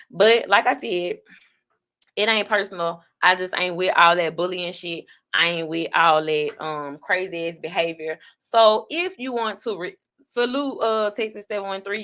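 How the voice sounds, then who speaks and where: A woman hosting an online talk show, giving blunt, profane commentary on online drama in a casual, fast-talking way. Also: lowish voice, animated, bright, forceful tone. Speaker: online radio host.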